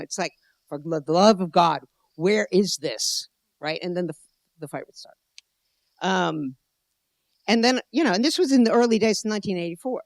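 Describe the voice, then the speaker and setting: A middle-aged woman with an American accent speaks at a conference, drifting from one story to the next and pausing to find her words. Her voice is recorded very dry and close, with no room sound. She sounds like a scholar thinking out loud for a live audience. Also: fairly low pitch, no room sound. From United States. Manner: digressive, storytelling, searching for words. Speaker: anthropologist speaker. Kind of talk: conference talk. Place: gallery venue indoors.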